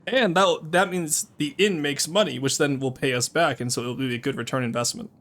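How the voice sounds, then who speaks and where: A man's voice: on the high side, brisk, a bit bright. A man streaming a game, chatting in rambling rants full of restarts. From Canada. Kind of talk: casual live gameplay chat.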